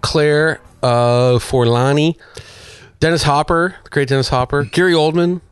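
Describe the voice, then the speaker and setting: A man's voice: a little high, unhurried, clear, resonant tone, no room sound. A man co-hosting a car radio show, talking casually in a rambling way with many fillers. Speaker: co-host, car journalist.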